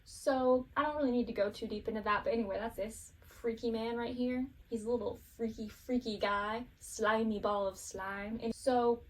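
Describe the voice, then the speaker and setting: A woman's voice: a little high, steady tone, normal speed, hardly any pauses, recorded from a distance. Giggly rambling young-sounding woman. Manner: giggly, rambling, lots of fillers. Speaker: show recapper. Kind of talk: casual chatty recap.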